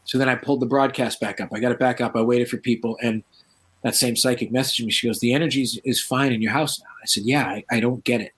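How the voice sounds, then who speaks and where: A man's voice: mid-range voice, quick pace, husky. A man, a paranormal researcher, telling stories in a casual interview and acting out the voices of the people he quotes. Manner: animated, acts out quoted voices.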